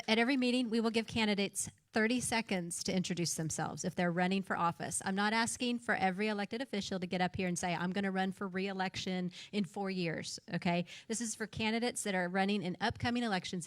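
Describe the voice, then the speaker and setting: A woman's voice: medium pitch, no room sound. A woman hosting a grassroots meeting, addressing a live audience in a chatty, casual way and often checking in with "okay?". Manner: chatty, repeats "okay?" to the crowd. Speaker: meeting organizer and host. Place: church meeting hall.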